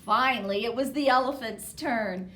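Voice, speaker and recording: A children's librarian reading a picture book aloud, slow and dramatic. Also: female voice, a little high, a bit bright. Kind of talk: storybook read-aloud. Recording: roomy echo.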